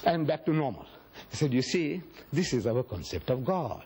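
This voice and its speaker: A man's voice: medium pitch, sing-song, normal speed, a little mellow, breathy edge. A man from Africa, giving a public religious lecture and acting out quoted speech with dramatic storytelling. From South Africa. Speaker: Islamic lecturer.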